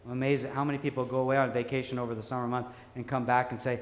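A man preaching a sermon, earnest and animated, telling stories and urging listeners to keep growing. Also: medium pitch, racing, a little hiss or hum. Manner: earnest, animated storytelling, laughs easily. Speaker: pastor. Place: church sanctuary. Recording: echoey hall with faint ambience.

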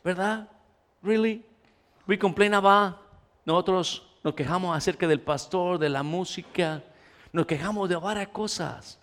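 A high-voiced Latin American preacher talks at normal speed, delivering a humorous sermon that slips into Spanish at times. Lively and playful, he imitates complainers while his words ring through the echoing church hall.

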